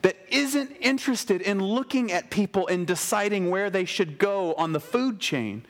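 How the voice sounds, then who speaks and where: A middle-aged man preaching a conversational sermon in an animated way, speaking straight to the people in front of him. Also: high voice, moderate pace. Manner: animated, talks straight to the listeners.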